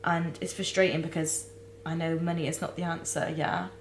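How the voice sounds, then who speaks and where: Brief: young woman, lowish voice, halting and near tears, in an echoey room with a faint hum. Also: level tone. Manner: halting, searching for words, many fillers and restarts. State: close to tears. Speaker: vlogger. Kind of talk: candid personal vlog.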